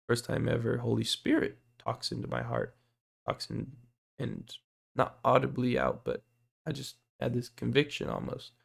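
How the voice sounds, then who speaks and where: Gravelly young man telling his testimony. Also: medium pitch. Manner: earnest, excitable storytelling with fillers. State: voice going hoarse. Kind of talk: personal faith testimony.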